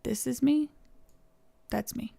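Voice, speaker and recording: A woman's voice: a little high, slow pace, gravelly, dark tone, slightly rough. A young woman from East Tennessee with a Southern accent, chatting casually with viewers on a live stream and thanking them. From East Tennessee, USA.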